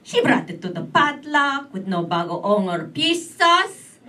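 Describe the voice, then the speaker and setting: A woman's voice: high voice, big pitch swings, unhurried, pushed and bright, pitched above the performer's own voice, exaggerated voice. A woman putting on a fussy male nurse interviewer, drawing out his questions with emphasis, on a comedy club stage with the audience laughing. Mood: pointed. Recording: distant mic, club crowd laughing.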